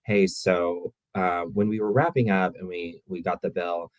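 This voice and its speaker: Animated man telling stories in a dry room. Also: sits low, unhurried, no room sound. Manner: animated storyteller, slips into playful impressions. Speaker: podcast guest. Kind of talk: casual chat.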